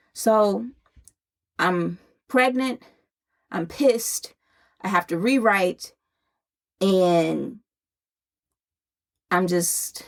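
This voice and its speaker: A woman's voice: on the low side, vocal fry. A woman in her thirties, a podcast host, telling her own story in a candid, conversational way while out of breath. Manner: candid, conversational, laughing now and then. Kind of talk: personal storytelling.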